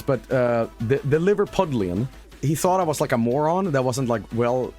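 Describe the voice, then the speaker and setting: A man streaming gameplay commentary in a casual, hyperbolic way, with mock-announcer flourishes and shouted swearing at losses. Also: medium pitch.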